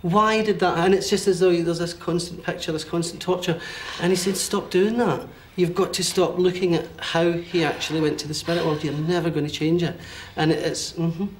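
Man, medium's reading, fairly high voice, faint hiss behind, halting and checking in. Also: steady tone. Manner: hesitant, relays messages in bursts with many okays. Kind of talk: giving a one-to-one reading.

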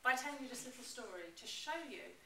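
Animated woman presenting in an echoey room. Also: on the high side, fast talker, far from the mic, slight background noise. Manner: animated, expressive. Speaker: public speaking presenter. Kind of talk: presentation to a class. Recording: roomy echo, mic from afar.

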